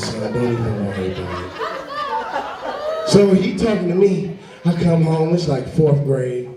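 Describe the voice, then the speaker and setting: A young man doing a stand-up comedy set, telling stories with animated delivery and popping into high voices for his younger self. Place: comedy stage before a laughing audience. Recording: roomy live sound from a distant mic. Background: audience laughter.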